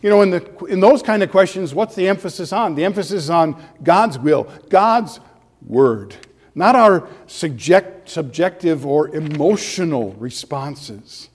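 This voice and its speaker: A man preaching a sermon as pastor, earnest and full of rhetorical questions, his voice growing animated as he goes. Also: on the high side, a little slow, big-room sound.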